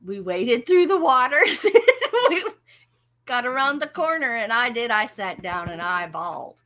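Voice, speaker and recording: A woman with a bright, fairly high voice tells a story in a relaxed, unhurried way. She laughs often and pokes fun at herself while chatting with her audience. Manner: laughs often, animated and self-mocking. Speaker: music channel host. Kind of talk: casual storytelling to a live audience.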